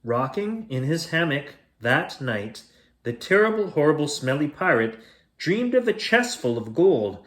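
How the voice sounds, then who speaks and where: Expressive man reading a bedtime story. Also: fairly high pitch, unhurried. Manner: expressive, playful. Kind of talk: storybook read-aloud.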